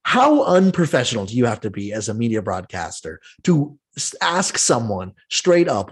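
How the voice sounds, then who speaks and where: Guy with a husky voice going off about hockey media, exasperated, laughing and swearing. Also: mid-range voice, very animated, normal speed, few pauses. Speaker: podcast host. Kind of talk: casual sports podcast rant.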